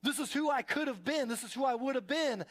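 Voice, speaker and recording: A man preaching a sermon to a live congregation, talking in a conversational, energetic storytelling way with frequent restarts. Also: extremely high pitch, brisk. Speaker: pastor. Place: church service before a live congregation.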